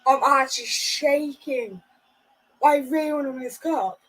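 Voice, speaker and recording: A woman's voice: high-pitched, unhurried, low-quality recording. A young woman hosting a live football watchalong, reacting nervously and breaking into chants. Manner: excitable, nervous, swings between groans and singing.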